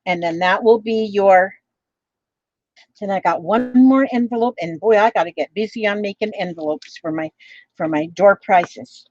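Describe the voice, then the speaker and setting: A woman's voice: medium pitch, normal speed, a little mellow, dull audio. A woman talking casually as a craft vlogger, rambling along with many fillers and restarts. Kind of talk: casual chat.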